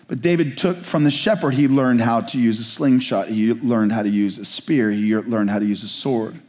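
A man preaching a sermon as a pastor, passionate and searching, with slow pleading questions and quicker explanatory asides. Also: medium pitch, darkish tone.

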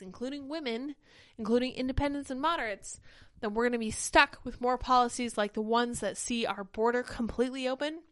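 Young woman host, casual stream chat, slightly higher voice, a bit breathless, dry close sound. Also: dry recording. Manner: chatty, animated, reads chat comments aloud. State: short of breath. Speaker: podcast host. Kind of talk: casual livestream commentary.

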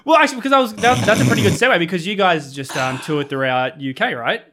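A man hosting a podcast, asking questions in an excitable, swearing way. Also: high-pitched, fast, a crowd in the background. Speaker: podcast host. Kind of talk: casual podcast interview.

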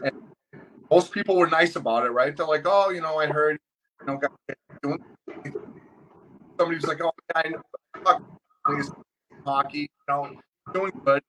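A man's voice: on the high side, normal speed, pauses often, sharp tone, low-quality recording. A man in casual chat, ranting bluntly and swearing a lot.

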